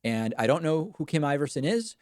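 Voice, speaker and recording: A man's voice: on the high side, sing-song, darkish tone, no echo, studio quality. Wry man hosting a live stream. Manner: casual, quick and wry, self-deprecating asides. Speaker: show host. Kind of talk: live-stream political commentary and reading viewer chats.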